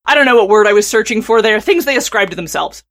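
A woman's voice: mid-range voice, fast. A woman hosting a podcast, chatting casually, laughing often and reading prose passages aloud. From northern United States. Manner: animated, laughs often, self-deprecating. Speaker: podcast host.

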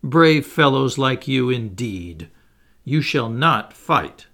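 A man reading a novel aloud, voicing an excitable male adventurer who talks in an emphatic, pleading way. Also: mid-range voice, takes it slowly. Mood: insistent.

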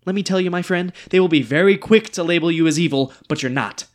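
A man's voice: on the high side, quick pace, lightly acted. A man reading the part of a ghostly dictator with a bullet wound, needy and melodramatic, in a stage play reading. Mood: brooding. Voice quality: theatrical, swinging between whimpers and outbursts.

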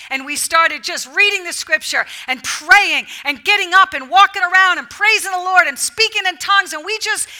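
At a women's gathering, a woman delivers an animated sermon in an extremely high-pitched voice at normal speed. She swings between loud, emphatic bursts and soft lines that are almost whispered.

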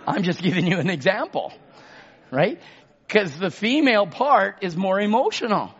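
A pastor preaching a sermon. He drops to a murmur, then shouts for emphasis and calls out to the congregation for amens. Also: animated, moderate pace, husky, dull audio, a faint crowd. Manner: swings between low murmurs and loud shouted emphasis.

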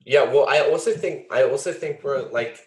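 A man's voice: medium pitch, moderate pace. A man hosting a podcast who talks earnestly and with feeling, thinking aloud with many fillers and the odd swear. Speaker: podcast host. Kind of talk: reflective conversation. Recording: roomy echo.

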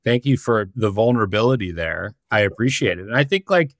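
Low, lively-voiced man hosting a podcast. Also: brisk, no room sound, studio quality. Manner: encouraging, affirming listener. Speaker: podcast host. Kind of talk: conversational interview.

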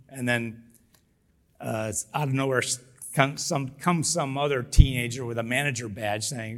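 This interview guest is a middle-aged business founder recounting his story in an animated way. He speaks at a normal pace with a mid-range pitch, breaking into laughter frequently and performing other people's quotes.

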